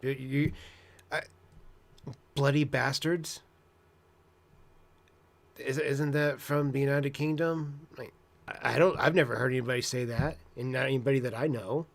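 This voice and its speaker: Uneasy gravelly man reacting. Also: mid-range voice, fairly even intonation. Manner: blunt, uneasy, profane, halting. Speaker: host reacting to clips. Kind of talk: casual reaction commentary.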